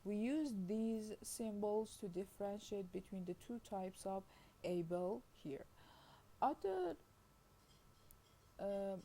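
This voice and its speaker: A woman's voice: medium pitch, expressive, mellow, a little hiss or hum, rough recording. A woman giving a linguistics lecture, reading from slides at a careful pace and often adding "I mean" and "you see" as she explains. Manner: reads slowly, repeats "I mean" and "you see", stretches out example words.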